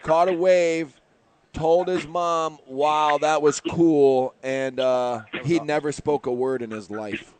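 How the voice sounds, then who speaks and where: A man hosting a talk show, chatting casually and relaxed, encouraging his caller. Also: a little high, slow pace, no echo. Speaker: show host.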